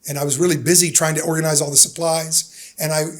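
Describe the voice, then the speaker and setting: Casting: American man, fifties, slightly higher voice, animated storyteller for a casual podcast interview. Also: fast talker. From United States. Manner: animated storyteller who acts out the people he quotes. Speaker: podcast guest.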